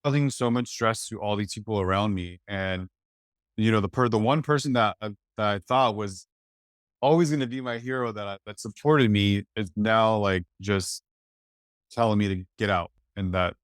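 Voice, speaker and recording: A man from East Los Angeles, a podcast guest telling a personal story in a reflective, halting way full of "like". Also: on the low side, smooth, no room sound, studio quality. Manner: reflective, halting, many "like" fillers.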